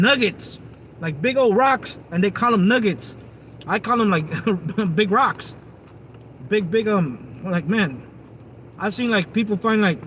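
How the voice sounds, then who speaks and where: High-voiced man rambling to his stream. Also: a bit bright, a little hiss or hum. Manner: rambling, chatty, addresses viewers directly. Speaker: live streamer. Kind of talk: casual livestream chat with viewers.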